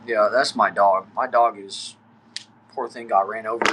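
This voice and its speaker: A man's voice: lowish voice, steady tone, normal speed, background noise. A young man from Texas with a Southern accent, chatting easygoing on a livestream from a small back shed, reading viewer comments and saying y'all and bro. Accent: Southern US, Texan. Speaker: livestream host.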